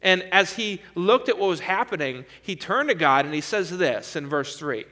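A man's voice: sits high, expressive, normal speed, bright, forceful tone. A man preaching a sermon, earnestly and emphatically walking his listeners through a passage of scripture.

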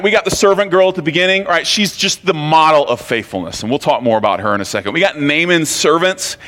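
A man preaching a sermon in an animated, conversational way, often restarting and repeating phrases. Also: fairly high pitch. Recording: long hall reverb.

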